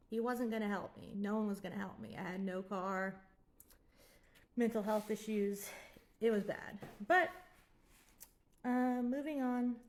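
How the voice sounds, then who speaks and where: A woman in her twenties telling her own story frankly and giving blunt advice, rambling at times. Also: fairly high pitch. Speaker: vlogger. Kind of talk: candid personal storytelling with advice.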